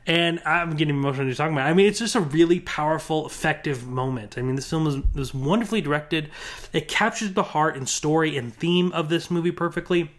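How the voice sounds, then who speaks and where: A man's voice: on the high side, fast talker, a bit bright. Earnest young man reviewing a film. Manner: earnest, rambling with many restarts. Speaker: movie reviewer. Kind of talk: casual video review.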